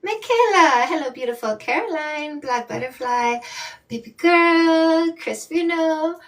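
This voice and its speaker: A woman from Canada coaching on dating in a live stream, blunt, sassy and emphatic as she reads out comments. Her voice sits high and she takes her time, slightly set back from the mic. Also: lively intonation, measured pace, fairly bright tone, distant mic. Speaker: dating coach and livestream host. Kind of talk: live-stream chat, reading viewer comments.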